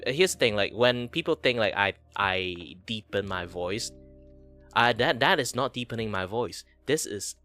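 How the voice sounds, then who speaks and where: A man's voice: fairly low pitch, lively intonation, moderate pace, bright, forceful tone, faint music behind. A man hosting a casual streamed chat, rambling with many fillers and restarts. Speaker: podcast host.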